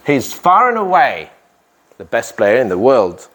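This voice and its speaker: A man's voice: mid-range voice, wildly swooping pitch, a little slow, a bit bright. A man teaching an English grammar lesson to a class, repeating phrases and checking in with "yeah?" after nearly every point.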